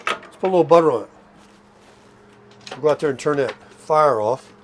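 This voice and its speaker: A man's voice: a little high, normal speed, slight background noise. An older man chatting casually while cooking at his RV, folksy and a little out of breath. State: tired, short of breath. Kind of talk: casual vlog chat to camera. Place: RV park, indoors and out.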